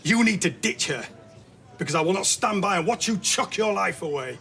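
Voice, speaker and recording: A man's voice: medium pitch, brisk, a bit bright, natural voice. A middle-aged actor playing a blunt, scornful father who talks in a crude, cutting way to his grown son. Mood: stern.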